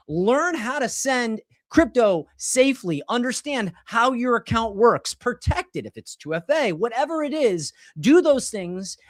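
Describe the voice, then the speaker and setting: Man in his forties, podcast host, animated rambling storyteller, dry close sound. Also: very high-pitched, no echo. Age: 40s. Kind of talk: casual chat.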